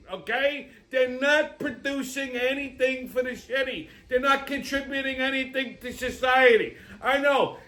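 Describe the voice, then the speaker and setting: A man's voice: very high-pitched, sharp tone. A man hosting a show, ranting bluntly with constant swearing and a repeated "okay?". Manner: tells a story with confrontational bravado. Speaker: host. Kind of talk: profane rant commentary.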